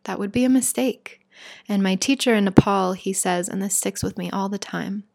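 A woman's voice: medium pitch, moderate pace, creaky, a little mellow. Woman, spiritual speaker, heartfelt and emphatic, reflective talk. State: shaken.

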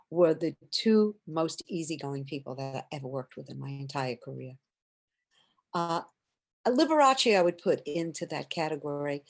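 An older woman with a lowish voice, telling stories from her career in an animated way. Her pitch swings widely as she acts out the people she remembers. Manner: animated storyteller, acts out quotes, laughs often. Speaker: singer and stage performer. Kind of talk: anecdotal storytelling in an interview.

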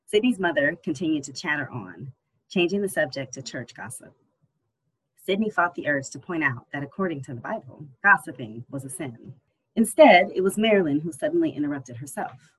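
An audiobook narrator reading a novel in a steady, even storytelling manner. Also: medium pitch, slightly rough, poor audio. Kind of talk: scripted narration.

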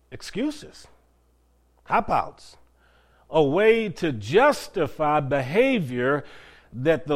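A man's voice: mid-range voice, a little mellow. A man preaching a sermon as pastor, asking rhetorical questions and stretching out key phrases for emphasis.

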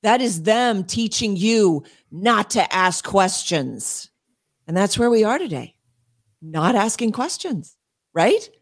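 A woman speaking as an interview guest and homeschool advocate, emphatic and quick, with frequent laughs and restarts. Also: mid-range voice, big pitch swings. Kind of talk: passionate interview talk.

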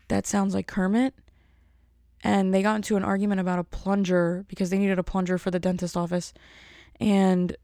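A woman's voice: mid-range voice, mellow, dry recording, clean studio sound. A woman in her twenties chatting casually as a host and telling funny stories with acted-out quotes. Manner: chatty storyteller, acts out quotes. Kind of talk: casual chat.

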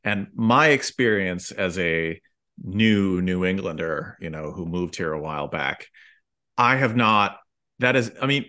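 A man's voice: low-pitched, expressive, a little slow, bright, forceful tone. A man from the Midwest hosting a history podcast, speaking thoughtfully in casual conversation with dry asides. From American Midwest. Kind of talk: casual chat.

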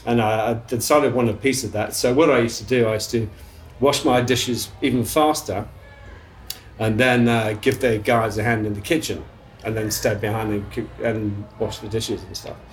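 A middle-aged English man, a chef, telling stories from his career in a casual interview, with restarts, throat clearing and casual swearing. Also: on the low side, steady tone, normal speed. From England. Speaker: chef guest.

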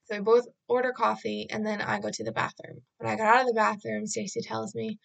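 A woman's voice: a little high, flat delivery, a little fast, gravelly. A woman vlogger casually retelling an anxious day in a rambling way, acting out bits of dialogue. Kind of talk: casual storytelling vlog.

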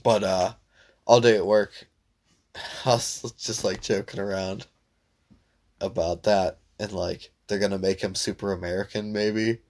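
A man co-hosting a casual podcast chat, blunt and swearing freely, tossing in quick mock voices. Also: fairly low pitch, steady tone, a little mellow. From Italian heritage. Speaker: podcast co-host.

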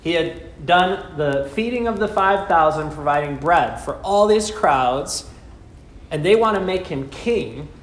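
A man preaching a sermon, asking rhetorical questions and slowing down with dramatic pauses. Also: on the high side, expressive. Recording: echoey room with faint ambience.

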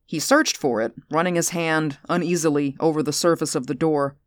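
Woman, audiobook narrator, measured storytelling, deep voice, dry close sound. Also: dry recording. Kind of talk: audiobook narration of science fiction.

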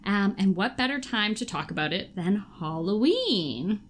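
A young woman co-hosting a podcast, chatting casually with friends, playful and quick to laugh. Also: medium pitch, lively intonation, a little hiss or hum. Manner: playful, laughs often, tells stories. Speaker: podcast co-host. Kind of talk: casual chat.

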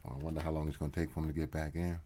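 A man's voice: a bass voice, level tone, racing, mellow. A man co-hosting a podcast, jokey and riffing on what the guest says. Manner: jokey, repeats and riffs on the guest's lines. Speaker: podcast co-host. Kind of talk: casual chat.

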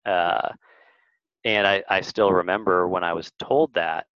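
Man, very low voice, casual rambling podcast guest, dry dull lo-fi sound. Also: steady tone, a little slow, no echo. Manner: rambling, storytelling with many fillers. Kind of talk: casual interview chat.

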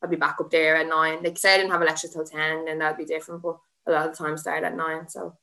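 A chatty young Irish woman, an MMA fighter and student teacher, is a guest in a casual podcast chat, rambling, using "like" heavily and laughing often. Her deep voice stays level in tone and comes out fast, pushed and bright.

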